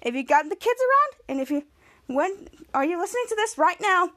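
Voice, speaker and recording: A woman's voice: extremely high pitch, big pitch swings, a little fast, a bit bright. A woman hosting a podcast, recapping a TV episode in a chatty, upbeat way and acting out the characters' lines as she retells them. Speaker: podcast host.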